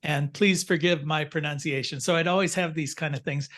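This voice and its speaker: Older man, slightly high voice, instructor type, loose rambling storyteller on a video call. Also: steady tone, fairly quick, a bit bright. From United States. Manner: rambling, anecdotal, many fillers and restarts. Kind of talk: casual classroom storytelling.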